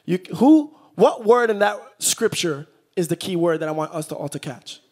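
A man preaching a sermon to a live church congregation, repeating phrases and building to loud, shouted peaks. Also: high-pitched, expressive, normal speed. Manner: engages the congregation directly.

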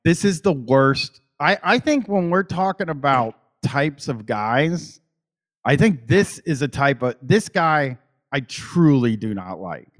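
A man's voice: on the high side, big pitch swings, slow pace. A man co-hosting a casual livestream talk show, speaking bluntly and swearing freely. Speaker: podcast co-host.

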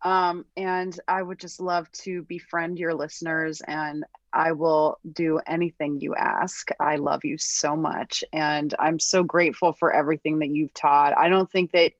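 Low-voiced woman, podcast guest, ballet dancer, warm and gushing, dry dull-sounding recording. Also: little pitch movement, measured pace, hardly any pauses, no room sound. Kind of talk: casual chat.

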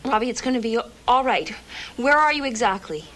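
A woman's voice: a little high, lively intonation, fairly quick, natural voice. An actress playing a worried young woman who pleads anxiously over the phone in a film scene, with noisy film audio.

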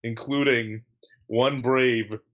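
A man's voice: mid-range voice, fairly even intonation, slow pace, a bit bright. A man hosting a casual podcast, joking around and spinning mock-spooky stories. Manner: playful, spins a mock-spooky tale. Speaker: podcast host.

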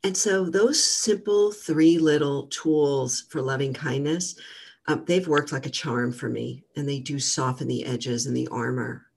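A middle-aged woman, a guest trainer, talking casually in a gentle coaching manner with lots of fillers. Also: rumbling low, creaky, husky. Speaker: guest, mental fitness trainer. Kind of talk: casual interview talk.

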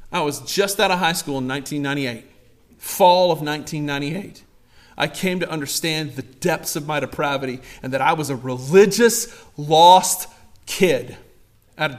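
A man's voice: fairly high pitch, moderate pace. A man in his forties preaching a church sermon, emphatic and conversational, repeating his key lines. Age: 40s. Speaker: pastor. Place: church service.

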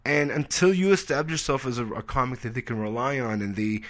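A man in his forties telling stories in a casual interview, animated and swearing freely, acting out the people in his stories. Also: mid-range voice, fast. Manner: animated storyteller, acts out quoted voices, swears freely. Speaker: comedian guest.

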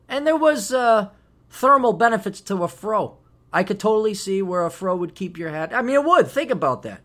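A man hosting a podcast alone, rambling in a sarcastic, casual monologue with sudden loud bursts, tired and just waking up. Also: on the high side. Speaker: podcast host.

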